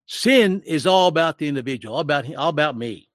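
A man's voice: a little high, lively intonation, quick pace, dry recording, clean studio sound. An older man in his sixties giving emotional, preachy commentary in a sermon-like style, with his voice rising when he gets worked up.

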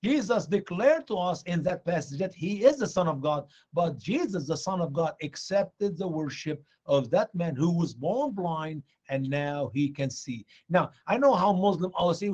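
Brief: excitable male preacher, high voice that leaps all over, acts out scenes. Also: normal speed, hardly any pauses. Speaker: guest preacher. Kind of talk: animated evangelistic teaching.

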